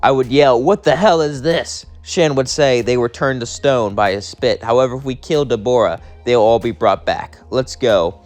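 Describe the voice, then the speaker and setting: A man's voice: mid-range voice, moderate pace, few pauses, soft background music. A young man casually narrating his own fan-fiction adventure, rambling and acting out every character himself. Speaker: storyteller.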